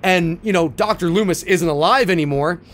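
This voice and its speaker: A man hosting a video, excitedly and profanely retelling a film idea scene by scene and acting out the moments. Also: high-pitched, normal speed. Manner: excitable, profane, acts out scenes and sound effects. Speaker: video host pitching a film sequel idea. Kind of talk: animated casual retelling.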